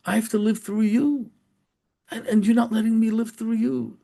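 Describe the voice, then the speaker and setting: A man's voice: sits high, steady tone, unhurried, gravelly, warm tone, exaggerated voice. A man voicing a grieving dead father who pleads with his son from heaven, repeating himself. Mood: pleading. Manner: pleading, repetitive.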